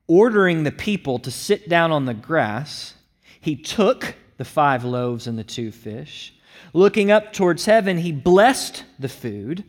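A man preaching a sermon, explaining a passage and acting out the speakers' lines with animation. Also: fairly high pitch. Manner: animated, acts out the disciples' lines in a raised voice. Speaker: pastor.

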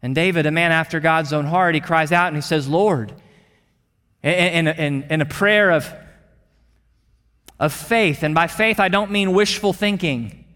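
A pastor delivering an earnest sermon, repeating words and dropping to a hush for emphasis. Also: male voice, high-pitched, in a large hall. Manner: earnest, with repeated words and dramatic drops in volume.

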